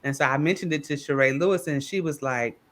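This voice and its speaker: A woman author, chatting casually and telling stories with lively acted-out quotes. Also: deep voice, fast. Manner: animated storytelling with voiced quotes. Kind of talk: casual panel chat.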